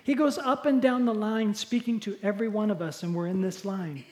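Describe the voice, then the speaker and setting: Male pastor, lively sermon storyteller, swings between loud and soft. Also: sits high, a little fast. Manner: animated, dramatic shifts in loudness.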